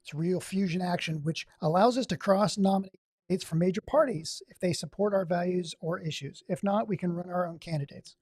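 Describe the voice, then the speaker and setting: A man's voice: high voice, fairly quick, darkish tone, husky, no room sound, clean studio sound. A man streaming, reading text aloud and riffing on it with sarcastic asides in casual livestream commentary. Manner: sarcastic, reads aloud and riffs.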